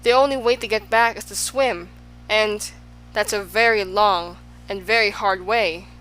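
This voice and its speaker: A woman voicing an excitable, fickle man who swings between extremes, in an audiobook. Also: medium pitch, unhurried, lightly acted, poor audio. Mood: rueful. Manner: exclaiming, swinging between moods.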